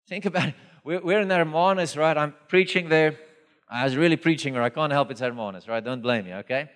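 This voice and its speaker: A man preaching a sermon, telling stories lively and acting out the voices in them. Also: fairly high pitch, moderate pace. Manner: animated storytelling, acts out dialogue. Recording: long reverb of a hall.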